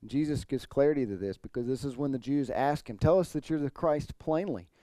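A man's voice: medium pitch, a little fast, mellow, dry recording. A man pastor preaching an expository sermon, earnest, building to emphatic points. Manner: earnest preaching, rising emphasis, occasional throat clearing.

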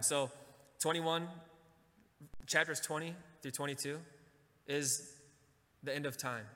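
A man giving a Catholic talk, leading the audience to repeat lines after him and slowing down for emphasis. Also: mid-range voice, long reverb tail. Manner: slows and drops to a soft, quiet voice for emphasis. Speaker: Catholic speaker. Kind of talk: sermon talk with call-and-response.

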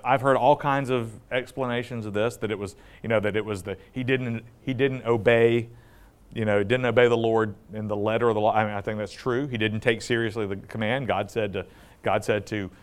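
A man teaching from the Bible in a conversational way, putting questions to his listeners and acting out the quotes with animation. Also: medium pitch. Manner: animated, asks the audience questions, acts out quotes. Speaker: preacher.

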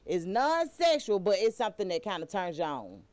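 A man with a lively, up-and-down voice leads a casual chat, teasing and swearing as he asks questions. The sound is dry and close. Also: high voice, fairly quick, dry recording. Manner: joking, profane, asks questions.

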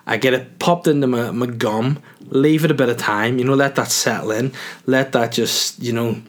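A man's voice: medium pitch, moderate pace. A man hosting a podcast, telling a rambling, self-mocking story with jokey asides. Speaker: podcast host. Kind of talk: casual storytelling monologue.

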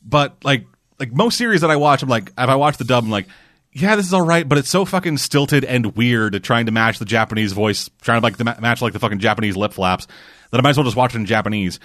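A man's voice: mid-range voice, lively intonation, fast, fairly bright tone, dry recording, studio quality. A man co-hosting a casual gaming chat, rambling and swearing freely, with lots of restarts and fillers. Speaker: podcast co-host.

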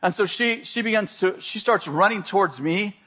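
High-voiced man preaching a story. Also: moderate pace. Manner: lively, self-deprecating, frequent restarts. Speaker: pastor. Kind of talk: sermon storytelling.

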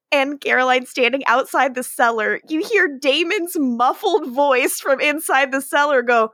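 A woman's voice: sits high, a little slow, a bit bright, dry recording. A woman co-hosting a podcast, chatting casually, swearing and laughing as she retells TV scenes. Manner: laughing, profane, retelling scenes with playful quotes. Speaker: podcast co-host. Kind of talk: casual rewatch chat.

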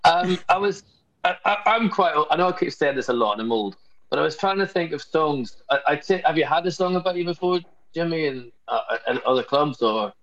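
A man's voice: on the high side, lively intonation, a little fast, fairly bright tone. A man from Belfast, hosting a podcast with playful, self-deprecating jokes. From Belfast, Northern Ireland. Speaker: podcast host. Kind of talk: jokey podcast chat. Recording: dull lo-fi sound.

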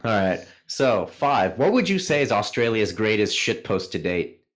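A man's voice: on the low side, very animated, moderate pace. A man hosting a podcast in casual chat, swearing freely as he asks his questions. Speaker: podcast host.

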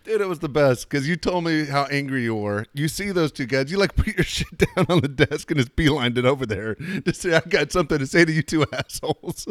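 A man's voice: on the high side, animated, a little fast, hardly any pauses, dry recording. A man co-hosting a podcast, joining the banter and laughing often. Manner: laughs often, joins the teasing. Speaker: podcast co-host. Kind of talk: casual banter.

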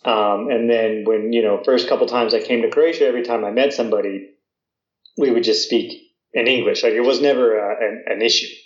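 A man's voice: medium pitch, fairly even intonation, a little fast. Chatty American man in an echoey room. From United States. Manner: chatty, self-deprecating, many fillers. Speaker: guest, American living in Croatia. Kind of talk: casual interview answers. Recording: echoey room, slightly dull audio.

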